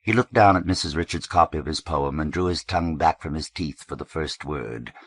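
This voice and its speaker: A man narrates a literary novel in a measured, understated way. His voice is very low. The sound is close and dry, with no room around it. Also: no echo. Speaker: audiobook narrator.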